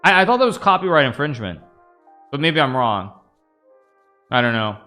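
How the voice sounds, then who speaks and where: An American man in his thirties live-streams chess, rambling and chatting to his viewers as he plays. His medium-pitched voice is very animated, pushed and bright, at a normal speed, with faint music in the background.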